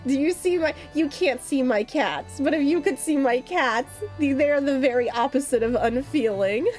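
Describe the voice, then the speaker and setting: A woman's voice: high-pitched, moderate pace, a little mellow. A woman streamer chatting casually with her viewers, rambling and laughing often. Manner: chatty, giggly, rambling with fillers. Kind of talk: casual live-stream chat. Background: faint lofi music.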